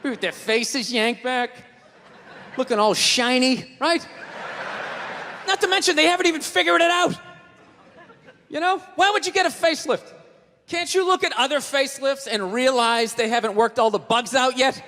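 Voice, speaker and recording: A man doing a stand-up routine, ranting loudly and swearing a lot. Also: very high voice, moderate pace, pauses often. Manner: ranting, profane, loud and emphatic. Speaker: stand-up comedian. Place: comedy stage before a live audience. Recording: live stage recording, long reverb, audience noise.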